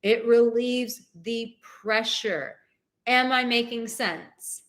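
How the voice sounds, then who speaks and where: Higher-voiced woman giving emphatic advice. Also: slow, a bit bright. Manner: emphatic, repeats words for stress; encouraging, speaks straight to viewers. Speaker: dating and relationship advice host. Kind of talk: live advice stream.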